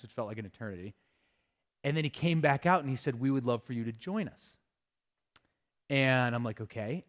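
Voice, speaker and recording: Veteran guest speaker, male, fairly high voice, lively storyteller who laughs at himself. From Minnesota. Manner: animated, self-deprecating, laughs while telling. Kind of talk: humorous storytelling talk.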